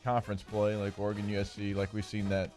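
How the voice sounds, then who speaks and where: A man co-hosting sports talk radio, trading dry, quick banter. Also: fairly low pitch, completely flat delivery, a little mellow, soft background music.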